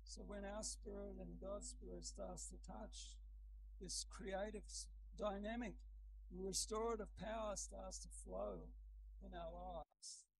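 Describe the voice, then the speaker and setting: Slow, gravelly older man preaching. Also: high voice, lively intonation, noisy background. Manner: gentle, building to emphatic reading. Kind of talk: sermon. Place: church.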